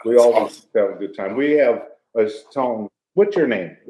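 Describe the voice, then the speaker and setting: A man's voice: medium pitch, moderate pace, warm tone, reverberant, a little hiss or hum, rough recording. An older man telling funny stories from his playing days in a casual, laughing way. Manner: jokey, laughing storyteller. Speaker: guest, retired football player. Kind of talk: casual storytelling.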